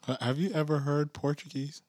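A man's voice: fairly high pitch, fairly even intonation, a little fast, darkish tone, no echo, studio quality. A man co-hosting a casual podcast, offhand and easygoing. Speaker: podcast co-host. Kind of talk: casual chat.

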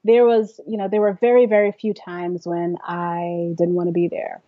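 Laughing woman telling a lively story. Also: lowish voice, moderate pace, no echo, narrow, tinny audio. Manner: animated storyteller, laughs often, acts out quotes. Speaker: interview guest. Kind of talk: casual storytelling interview.

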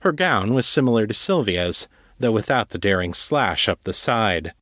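A man narrating a fantasy story as an audiobook reading, in a measured, even storytelling manner. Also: fairly low pitch, no room sound, clean studio sound.

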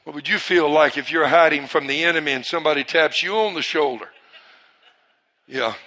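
A man preaching a sermon to his church, swinging between loud, forceful bursts and hushed lines, and leading the congregation in call-and-response. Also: a little high, brisk. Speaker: pastor. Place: church service.

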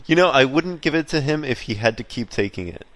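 A man's voice: mid-range voice, lively intonation, brisk, fairly bright tone, no echo. A man co-hosting a casual comedic podcast chat, blunt and laid-back, laughing often. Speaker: podcast co-host.

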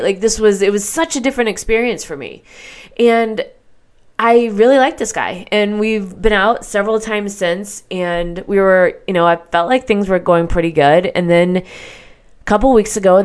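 A woman hosting a show, telling a candid personal story in a chatty, rambling way with lots of filler words and the occasional casual swear. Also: mid-range voice. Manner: chatty, heavy use of "like" and "right?". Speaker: podcast host.

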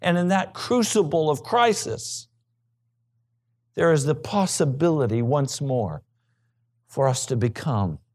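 A male pastor preaching a sermon with emphasis, swinging from loud high peaks to low quiet asides.

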